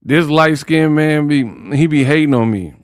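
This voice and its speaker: A man's voice: fairly high pitch, lively intonation, unhurried, dry recording, clean studio sound. A man hosting casual boxing commentary, trash-talking and joking. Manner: trash-talking, joking, breaks into song and mock accents.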